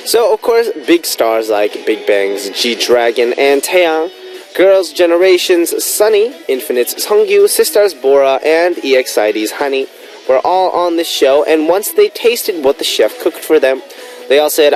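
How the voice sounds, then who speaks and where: A man's voice: lively intonation, measured pace, rough recording. A man in his twenties hosting a radio music show, upbeat and enthusiastic in a studio. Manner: bouncy, enthusiastic, big pitch swings. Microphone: studio microphone.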